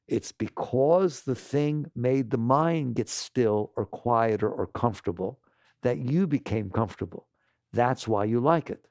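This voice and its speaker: A man giving a spiritual talk to an audience, animated and laughing often as he acts out imagined voices. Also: medium pitch, vocal fry, no room sound, studio quality. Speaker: spiritual teacher.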